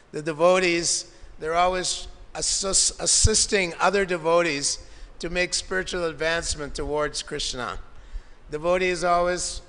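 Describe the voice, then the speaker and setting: A man's voice: on the high side, sharp tone, clean tone. A man giving a devotional lecture, narrating scripture stories with quoted dialogue and Sanskrit terms, in a temple hall. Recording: long hall reverb.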